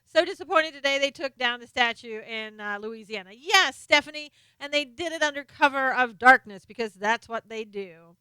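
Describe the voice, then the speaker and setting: A woman's voice: high voice, animated, moderate pace, few pauses, sharp tone, smooth, no room sound. A middle-aged woman hosting a casual live stream, chatting as she reads out viewers' names and comments, sometimes turned away from her desk mic. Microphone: desk microphone, sometimes off-axis.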